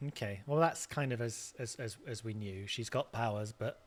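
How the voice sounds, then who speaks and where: A man's voice: fairly low pitch, normal speed. A man hosting a let's play, thinking aloud in casual commentary and stumbling over repeated words.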